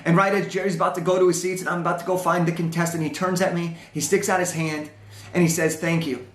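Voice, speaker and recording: Young male motivational speaker, high, animated storyteller, echoey hall sound. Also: fast talker. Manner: animated storyteller, acts out dialogue. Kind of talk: storytelling talk on stage.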